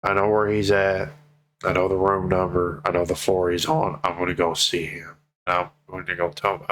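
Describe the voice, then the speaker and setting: A man with a very deep, low voice talks straight to his viewers in a personal vlog. He sounds tearful and heartfelt, swearing freely as he slows down to press each plea home. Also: flat delivery, fairly bright tone, slight background noise, rough recording. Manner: heartfelt, swears freely, slow pleading emphasis. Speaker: vlogger.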